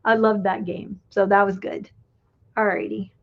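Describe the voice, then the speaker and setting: A woman's voice: mid-range voice, little pitch movement, unhurried, vocal fry. A middle-aged woman chatting casually while she crafts on a livestream, reminiscing and trailing off as she works. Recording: dull lo-fi stream audio.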